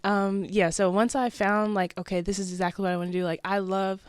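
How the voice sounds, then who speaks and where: A young woman from New Jersey, a fashion designer guest, chatting in a relaxed, laid-back way. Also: mid-range voice, a little fast, smooth, dry recording. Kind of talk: casual interview.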